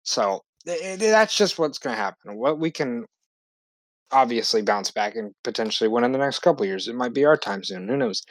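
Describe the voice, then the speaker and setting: A man's voice: medium pitch, lively intonation, brisk, dry recording. Easygoing male podcast co-host, dry mic. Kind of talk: casual chat.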